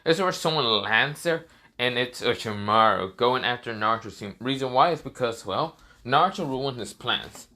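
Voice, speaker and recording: A man tells a fan-made story in a loose, rambling way. He keeps stopping himself with fillers and restarts. His voice is bright and forceful. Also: medium pitch, animated, moderate pace. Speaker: narrator. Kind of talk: casual fan story narration.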